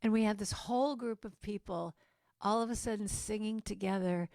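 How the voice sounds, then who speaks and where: A woman giving a lively storytelling message at a church service, acting out the voices of people in her story. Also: mid-range voice, moderate pace, vocal fry, no room sound, studio quality. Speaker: guest musician and speaker. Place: church sanctuary.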